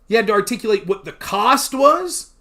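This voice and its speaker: A man's voice: sits high, expressive, moderate pace, pushed and bright. Blunt, profane man ranting on a livestream. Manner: thanks chat viewers mid-rant. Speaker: livestream host. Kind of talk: casual livestream commentary.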